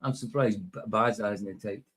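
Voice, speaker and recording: A man's voice: lowish voice, normal speed, fairly bright tone. A man hosting a livestream, chatting casually and rambling while reacting to a video, laughing often. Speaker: livestream host.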